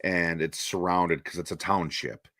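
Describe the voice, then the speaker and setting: A man's voice: low voice, a little slow, dry recording. A man from Minnesota telling a long, rambling anecdote on his stream, stopping to act out the people in it. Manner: rambling, animated anecdote with quoted voices. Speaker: host. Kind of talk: casual storytelling on a stream.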